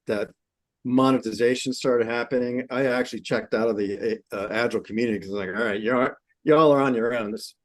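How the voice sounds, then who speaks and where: A man speaking as a guest in a casual panel conversation, relaxed and full of fillers. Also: medium pitch, no echo.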